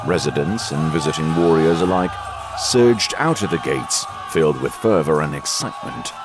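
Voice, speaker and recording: A man narrating a martial arts novel as an audiobook in an expressive storytelling manner. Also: extremely low pitch, normal speed, music in the background, crowd noise.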